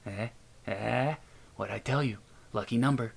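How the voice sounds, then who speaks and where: A man's voice: medium pitch, measured pace, vocal fry. A man voicing a joking, eager young male soldier with cocky banter.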